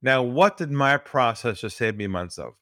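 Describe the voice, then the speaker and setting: A man's voice: expressive, normal speed, a bit bright, no echo. Male podcast guest, sales trainer; earnest storyteller, dry booth sound. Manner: earnest, drops his voice low for stories.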